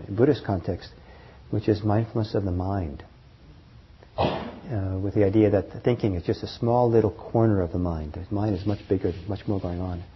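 A man giving a meditation class, talking gently and haltingly with many pauses, fillers and soft laughs. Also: fairly low pitch, slight background noise. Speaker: meditation teacher. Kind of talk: dharma talk to a class. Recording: muffled lo-fi recording.

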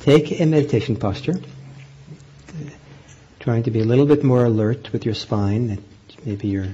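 A man teaching meditation, guiding a group in a gentle, unhurried way with frequent pauses and fillers. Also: mid-range voice, husky, highs cut off. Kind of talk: guided meditation instruction.

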